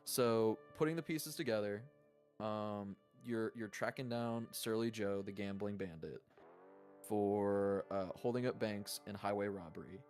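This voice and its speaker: A man's voice: fairly low pitch, measured pace, darkish tone, soft background music. A young man narrating as game master, rambling loosely with lots of fillers and swearing.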